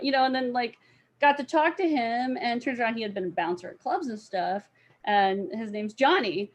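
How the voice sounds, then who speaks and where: A young woman cosplayer on a podcast tells a story in casual chat, speaking at a moderate pace in a voice that's a little high. She's animated, voicing the different people in her story herself.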